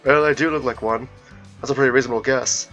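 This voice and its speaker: A man voicing a big, friendly furry man with an attempted British accent, calm and kindly reassuring. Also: mid-range voice, quick pace, faint music behind, close to an everyday voice. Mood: curious.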